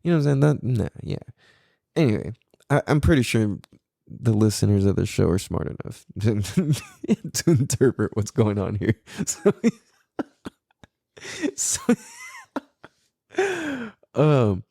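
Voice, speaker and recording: A man's voice: on the low side, big pitch swings, measured pace, creaky, long pauses, dark tone, no echo, studio quality. A man in his forties, hosting a podcast, telling a story in a casual, profane way and laughing often. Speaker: podcast host.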